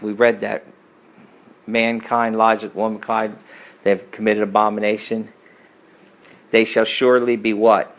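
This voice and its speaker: A middle-aged man preaching a sermon full of personal stories. He talks emphatically, rising to forceful peaks and dropping into low asides. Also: level tone, unhurried, pauses often, poor audio. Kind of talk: sermon with storytelling.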